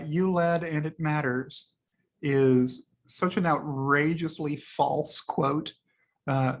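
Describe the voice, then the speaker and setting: Rambling man chatting through tweets. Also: a little high. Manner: chatty and rambling, many fillers. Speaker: video host. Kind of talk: casual commentary on tweets.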